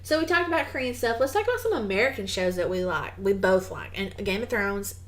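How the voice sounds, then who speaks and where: A woman's voice: mid-range voice, animated, quick pace. A woman co-hosting a casual podcast chat, teasing her friend and talking over her. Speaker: podcast co-host.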